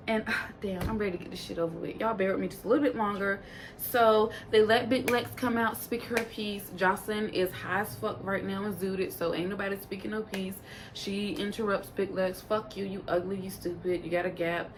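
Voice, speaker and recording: A woman recaps reality TV drama in a loose, chatty commentary. She is blunt and profane, with a sassy bite, and slips into other people's voices while telling the story. Her voice sits at a middle pitch, and a little noise is heard behind her. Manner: animated, jumps into quoted voices. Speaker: reality TV reviewer.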